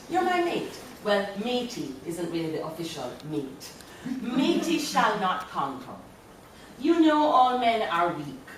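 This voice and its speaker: A Jamaican woman reads her poems aloud, playful and quick to chuckle between lines. Her voice sits at an ordinary pitch for a woman. The recording is very echoey, picked up from across a lecture hall with a faint hum of room noise underneath. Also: distant mic. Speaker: poet. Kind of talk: poetry reading to an audience.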